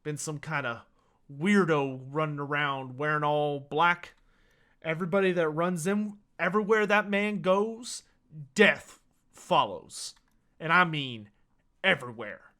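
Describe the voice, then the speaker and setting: A man voicing a wary, world-weary male informant who gives low, conspiratorial warnings. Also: unhurried, pushed and bright.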